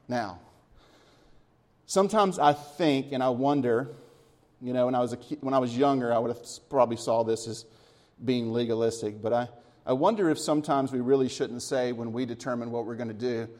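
A man's voice: medium pitch, fairly quick, a little mellow. Chatty storytelling man preaching. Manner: conversational storytelling with light humor. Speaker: church elder preaching. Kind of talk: sermon.

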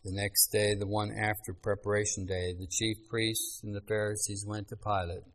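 Earnest low-voiced male preacher. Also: flat delivery, moderate pace, fairly bright tone, rough recording. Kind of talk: sermon with scripture reading.

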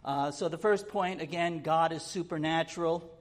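A man preaching a sermon in a halting, thinking-aloud way, often repeating words as he goes. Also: a little high.

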